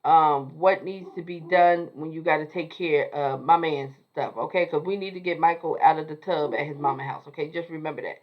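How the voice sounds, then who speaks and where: A woman's voice: low-pitched, fairly quick, hardly any pauses, highs cut off, voice pushed down, close to an everyday voice. A woman voicing a sassy female friend who bluntly warns a coworker she is in trouble. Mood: instructing. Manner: blunt, scolding.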